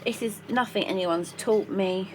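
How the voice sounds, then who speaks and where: A woman's voice: mid-range voice, a little slow, background noise. A chatty woman, baking in her home kitchen and talking playfully as she goes, tossing in silly made-up words. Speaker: baking vlogger. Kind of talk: casual chat while baking.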